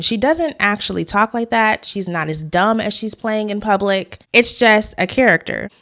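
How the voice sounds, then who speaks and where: A woman hosting a commentary vlog, talking conversationally and giving her opinions straight to the viewers. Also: mid-range voice. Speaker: YouTube host.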